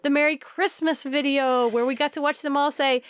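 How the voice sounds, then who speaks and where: A woman from Texas co-hosting a casual podcast, upbeat and brisk, recorded in a closet at home. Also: sits high, steady tone, no room sound. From Texas, USA. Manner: upbeat, brisk, reads listener reviews aloud. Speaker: podcast co-host. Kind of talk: casual chat.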